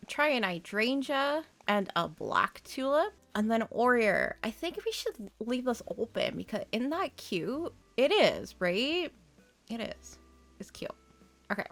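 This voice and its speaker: A woman talks her way through decorating in a cozy game, thinking out loud and giggling at her own choices. She speaks slowly and takes her time. Faint music plays underneath. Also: on the high side, sing-song. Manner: chatty, giggly, talks to herself while building. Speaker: game streamer. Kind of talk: casual gameplay commentary.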